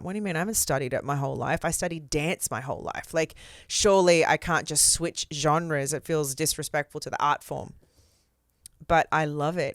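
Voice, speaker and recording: A woman's voice: fairly low pitch, clear, resonant tone, no echo, studio quality. A woman from Australia with an Australian accent, telling stories candidly and expressively as an interview guest, with casual fillers.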